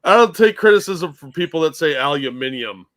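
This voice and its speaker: A man's voice: on the high side, expressive, fairly quick, a bit bright. A man co-hosting a live political reaction stream, bantering in a dry, easygoing way. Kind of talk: casual live reaction chat.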